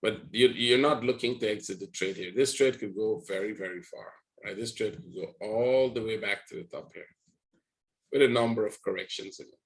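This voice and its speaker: A man's voice: on the low side, a little fast, poor audio. A man teaching trading live, walking viewers through price charts in a rambling way and checking in with them often. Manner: rambling, talks to viewers with frequent "right?". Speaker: trading educator.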